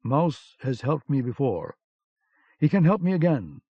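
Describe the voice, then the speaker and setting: A man reading an audiobook, voicing a calm, determined male agent in a firm, steady manner, on a dull lo-fi cassette recording. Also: medium pitch, a little slow, husky, no room sound.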